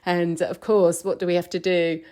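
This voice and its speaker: A woman's lowish, darkish voice keeps a level tone and a moderate pace as she hosts her podcast on the road. She chats casually while travelling, rambling with frequent fillers and restarts.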